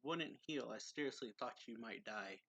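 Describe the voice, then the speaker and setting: A man's voice: medium pitch, animated, normal speed, a bit bright, slightly rough, no room sound, dull audio. Guy reading an earnest caring young manga hero, pretty much his own voice, dry sound.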